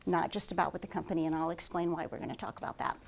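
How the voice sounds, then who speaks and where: A woman HR consultant giving a conference talk to a live audience, telling stories at a rapid clip with frequent fillers. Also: lowish voice, creaky. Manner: fast-paced, says she talks like an auctioneer; lively storytelling with frequent "um" fillers.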